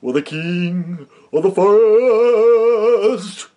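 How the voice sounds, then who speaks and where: A man doing an impression of a gruff, blustering, cowardly lion in a showy, brassy sung style. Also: high-pitched, extremely slow, mellow, pitched above the performer's own voice.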